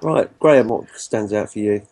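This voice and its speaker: A man's voice: lowish voice, normal speed, vocal fry, darkish tone, slight background noise. A man hosting a casual podcast chat, upbeat and prompting the guests. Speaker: host.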